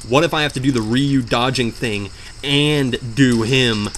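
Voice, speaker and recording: A man's voice: mid-range voice, measured pace, a bit bright, a little hiss or hum. A young man doing let's play commentary while gaming, rambling and joking with melodramatic outbursts. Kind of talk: game commentary.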